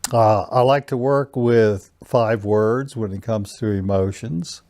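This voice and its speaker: A man teaching a personal growth lesson, giving slow, calm guiding instructions and leading breathing exercises. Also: on the low side, no room sound, studio quality.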